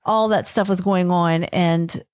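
A woman co-hosting a Christian marriage podcast, telling a story in a casual, animated way and acting out quoted lines. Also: lowish voice, measured pace, no echo, studio quality. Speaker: podcast co-host.

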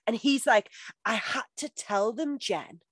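A woman's voice: on the high side, measured pace, breathy edge, no echo, studio quality. Laughing, sweary woman. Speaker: podcast co-host. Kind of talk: casual recap chat.

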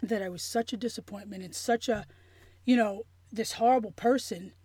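Halting, earnest woman, mellow voice. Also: medium pitch, slightly rough, no echo. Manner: halting, with many restarts and fillers; earnest and emotional. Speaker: interview guest. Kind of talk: personal story in an interview.

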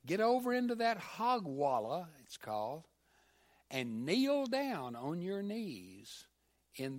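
A preacher voicing a gentle, devout enslaved man. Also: a little high, voice pushed up.

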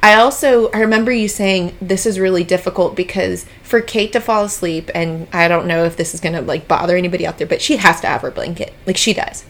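A woman's voice: fairly low pitch, a little fast, few pauses. Chatty woman telling a story. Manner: chatty, animated, addresses listeners as y'all. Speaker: podcast co-host. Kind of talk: casual storytelling chat.

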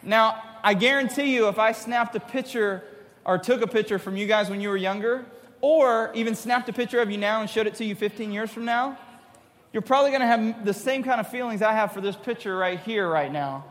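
Animated youth speaker, high voice, hall echo. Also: male voice, brisk. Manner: animated, acts out his younger self. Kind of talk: youth talk to middle schoolers.

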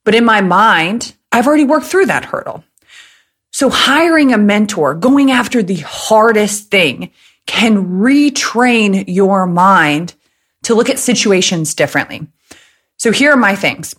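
A woman's voice: medium pitch, expressive, fairly bright tone, breathy edge. A woman from the American Midwest, likely in her thirties, hosting a casual solo podcast and telling stories in a chatty, joking way. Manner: chatty, jokey, fast talker. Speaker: podcast host.

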